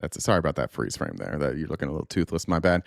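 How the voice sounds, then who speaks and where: A man's voice: extremely low pitch, sing-song, racing, gravelly, no room sound, clean studio sound. A man hosting a live stream, reacting to political clips with sarcastic, profane commentary.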